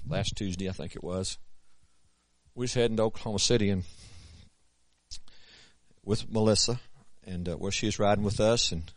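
Folksy preacher, dry close sound. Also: male voice, fairly low pitch, no echo. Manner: folksy, rising to emphatic peaks then dropping soft. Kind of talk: sermon.

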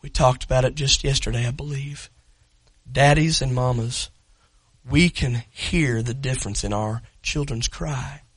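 A man preaching an impassioned sermon as pastor, telling a story dramatically and rising to shouts. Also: mid-range voice, a little slow, husky, no room sound, low-quality recording. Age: adult parent.

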